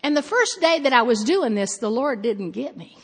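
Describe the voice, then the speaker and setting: A woman's voice: a little high, very animated, normal speed, slightly rough, long reverb tail. A woman preaching a sermon, telling stories animatedly and acting out her own thoughts.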